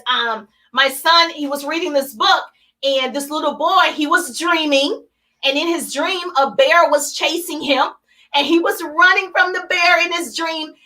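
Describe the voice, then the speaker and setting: A woman hosts a live motivational broadcast, driving her points home in short, punchy, repeated phrases. Her voice sits very high and sounds bright and forceful. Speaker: host of a business coaching broadcast.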